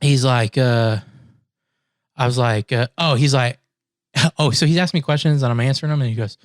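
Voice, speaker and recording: A man's voice: mid-range voice, normal speed, no echo. Guy on a podcast telling a story, laughs a lot, does voices for the people in it, dry room. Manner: animated storyteller, acts out quotes, laughs often. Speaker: podcast co-host. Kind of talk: casual storytelling chat.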